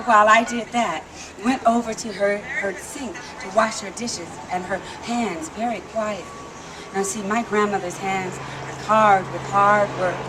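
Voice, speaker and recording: On an outdoor theme park stage, a woman storyteller with a mid-range voice gives an animated, playful live performance. She leads the crowd in call-and-response and laughs often over a noisy background.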